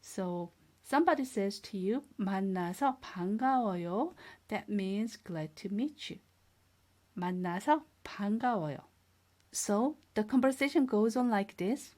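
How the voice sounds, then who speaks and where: A woman teaching a beginner language lesson, speaking slowly and clearly, repeating each word and praising the learners. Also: mid-range voice, expressive, a little mellow. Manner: patient, drills words twice and praises learners. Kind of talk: slow, clear classroom instruction.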